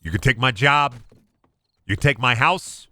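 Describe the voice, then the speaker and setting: A man's voice: mid-range voice, normal speed, sharp tone, no echo. A young man streaming a game, rambling in jokey, profane rants to chat. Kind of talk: casual livestream chat.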